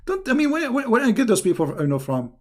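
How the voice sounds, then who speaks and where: With an extremely high pitch, huge pitch swings, and a quick pace, a man runs a live Q&A stream for viewers. He scolds emphatically and keeps restarting, repeating words as he goes.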